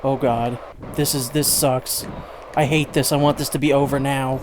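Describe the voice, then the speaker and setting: A man's voice: mid-range voice, flat delivery, moderate pace, noisy background. A man hosting a let's play, giving sarcastic, exasperated commentary on a game. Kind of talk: gameplay commentary. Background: game music.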